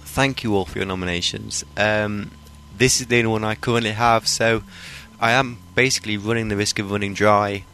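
A man's voice: fairly low pitch, fairly even intonation, a little fast, bright, forceful tone, slight background noise. A man from the UK co-hosting a podcast, giving dry, laid-back replies and reading out listener mail. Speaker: podcast co-host. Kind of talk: casual comedy chat.

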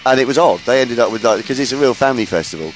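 A man's voice: mid-range voice, expressive, rapid-fire, soft background music. A man hosting a casual radio chat, enthusiastic and rambling, often restarting his sentences. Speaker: radio show host.

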